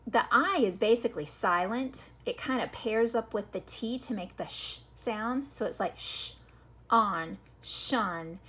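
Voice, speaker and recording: Upbeat woman teaching kids to read. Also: a little high. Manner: encouraging, sounds out words slowly and clearly; asks the class frequent tag questions. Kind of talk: recorded reading lesson for children.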